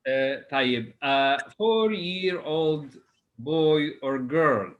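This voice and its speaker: A man's voice: fairly high pitch, takes it slowly, dull audio, slight background noise. A man teaching English over a video call. He is patient, spells words out letter by letter and hesitates often. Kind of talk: online class drilling exam word formation.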